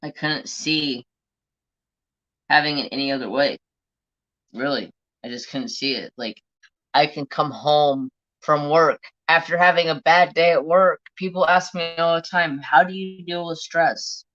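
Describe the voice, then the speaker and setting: Bright-voiced guy ranting casually on his live craft stream, cusses a lot, muffled lo-fi audio. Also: a little high, fairly even intonation, unhurried. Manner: blunt, swears freely, chatty. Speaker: craft livestream host.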